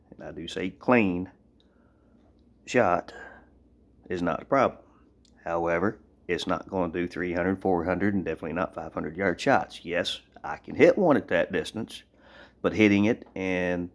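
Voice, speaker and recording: A man from Tennessee talking casually into his phone, rambling through a gun review with blunt opinions. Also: low voice. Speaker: gun owner vlogger.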